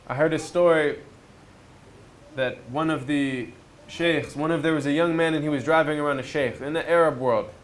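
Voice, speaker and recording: A man's voice: a little high, fairly even intonation, normal speed. Man giving a reflective spiritual talk. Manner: conversational storytelling with rhetorical questions. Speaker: speaker at a retreat. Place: outdoors near a river.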